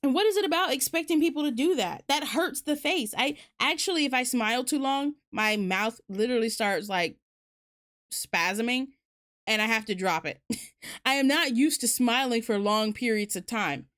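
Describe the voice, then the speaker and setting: A woman's voice: on the high side, normal speed, a bit bright. A woman streamer hosting a casual book talk, rambling candidly with lots of fillers and the odd swear word. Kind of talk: casual chat.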